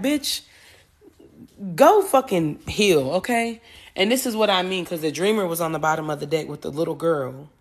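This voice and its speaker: A woman's voice: mid-range voice, a bit bright. A woman doing a casual tarot reading, talking bluntly with profanity and rambling asides, and growing emphatic as she goes. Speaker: tarot reader.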